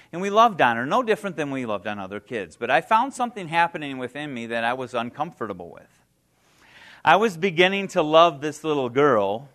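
A man's voice: medium pitch, a bit bright. A man in his fifties giving a personal testimony to an audience, earnest and heartfelt, telling his story in plain conversational speech. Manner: plain conversational phrasing with fillers. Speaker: guest speaker.

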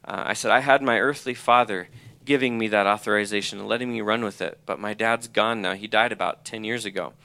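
A man's voice: lowish voice, steady tone, brisk, gravelly, bright, forceful tone. A middle-aged man giving an earnest personal testimony, reading aloud from his own journal. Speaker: college president or ministry leader.

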